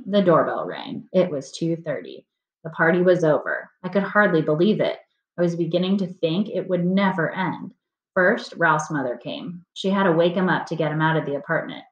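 A woman reading a children's chapter book aloud in a steady storytelling manner. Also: fairly low pitch. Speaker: reader. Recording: roomy dull lo-fi recording.

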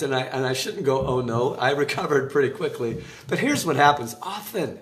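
A man giving a casual devotional talk from a room in his home, chatty and animated, with asides and laughter. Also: mid-range voice, roomy sound. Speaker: preacher giving an online devotional. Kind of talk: casual preaching to camera.

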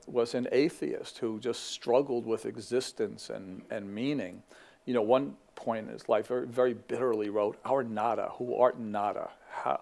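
Middle-aged man, gravelly voice, easygoing talk on faith, lots of "you know" and restarts. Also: medium pitch, a little mellow. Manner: conversational, with frequent fillers and restarts. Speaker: ministry vice president.

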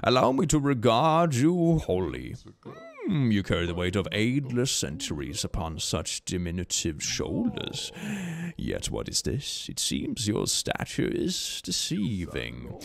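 A man voicing an ancient mystic spirit in a game, speaking deep, slow and ceremonious. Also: huge pitch swings, vocal fry, full character voice. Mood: solemn. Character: ancient mystic spirit granting weapons, solemn and grand.

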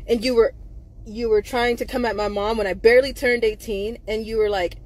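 A woman host speaking to her viewers in an emotional monologue, laughing nervously between angry, profane outbursts and swinging from quiet mumbling to loud intensity. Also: on the high side, steady tone, a little fast.

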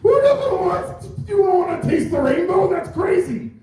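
A man voicing a weird, stoned stranger in boxers who shouts indignantly in a shrill voice. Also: sing-song, measured pace, heavily acted. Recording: echoey room from far off.

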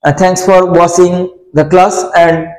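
A man teaching English grammar in a deliberate classroom manner, repeating his points and pausing with "uh" as he explains. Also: high-pitched, flat delivery, a little mellow, roomy sound, low-quality recording.

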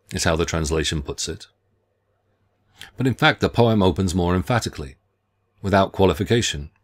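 A middle-aged man with a very low, deep voice reads a prepared lecture on literature. His delivery is measured and deliberate, with careful phrasing. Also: animated. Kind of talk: scripted academic lecture.

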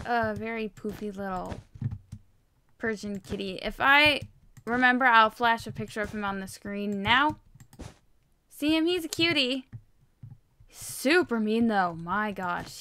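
A woman's voice: a little high, sharp tone, slight background noise. A young woman chatting through a building game, rambling and poking fun at herself. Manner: chatty, self-mocking, rambling. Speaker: gaming channel host. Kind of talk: casual gameplay commentary.

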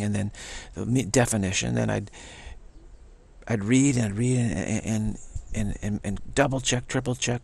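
A man's voice: fairly low pitch, vocal fry. A man giving a rambling, reflective spiritual talk, repeating himself and acting out the voices of people he quotes. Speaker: spiritual speaker.

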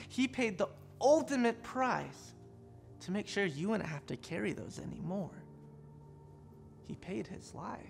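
A woman's voice: medium pitch, expressive, a little slow, vocal fry, long pauses, soft background music. A woman giving an online children's church sermon, telling the story animatedly and talking straight to the kids. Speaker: children's pastor.

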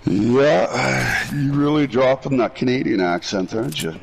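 A man's voice: medium pitch, a little slow, vocal fry. A man chatting casually and joking with teammates during a game.

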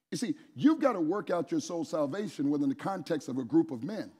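A male preacher delivers an animated sermon in a large church, prodding the audience to call back and raise hands. His voice sits a little high and has a husky edge. The sound rings with long reverb from the hall. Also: a little fast. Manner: animated, pushes the crowd to answer and raise hands. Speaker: preacher at a men's conference. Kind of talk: energetic sermon with call-and-response.

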